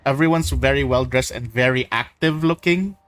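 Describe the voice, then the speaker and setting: A man's voice: mid-range voice, moderate pace, fairly bright tone, rough recording. A man running a tabletop game as game master, describing scenes in a rambling way with many restarts. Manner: rambling, full of likes and restarts.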